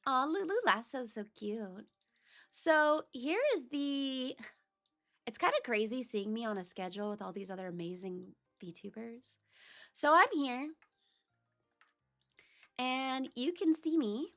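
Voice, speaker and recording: Slow, chatty woman streamer. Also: fairly high pitch, animated, a bit bright, faint music behind. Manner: chatty, talks to herself while searching files. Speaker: VTuber streamer. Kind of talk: casual livestream chat.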